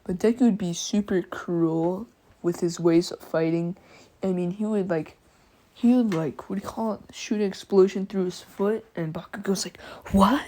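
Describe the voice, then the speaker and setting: Tired woman rambling through a fan story, slangy and drawly, kinda low voice. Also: fairly even intonation, moderate pace, mellow. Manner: slangy and drawling, many fillers. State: sleepy.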